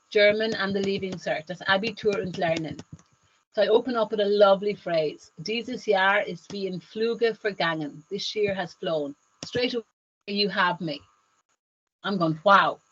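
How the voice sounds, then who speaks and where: A woman's voice: medium pitch, a bit bright, highs cut off, slight background noise. A woman, teaching German online in an upbeat exam-prep lesson and switching between German and English.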